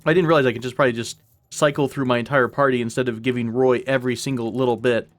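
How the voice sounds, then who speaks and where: A man's voice: mid-range voice, fairly even intonation, fast. A man hosting a let's play, chatting casually and playfully to viewers while he plays. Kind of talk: casual gameplay commentary.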